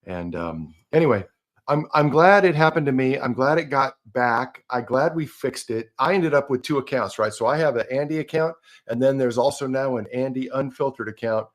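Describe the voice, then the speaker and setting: A man's voice: mid-range voice, animated, normal speed. A man hosting a live online talk show, chatting loosely and joking about himself. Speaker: show host. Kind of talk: casual chat.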